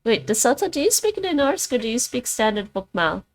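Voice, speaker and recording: A woman's voice: on the high side, big pitch swings, a little fast. A woman whose first language is Dutch, chatting casually on a livestream as she practices words aloud and thinks through them. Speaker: streamer learning languages.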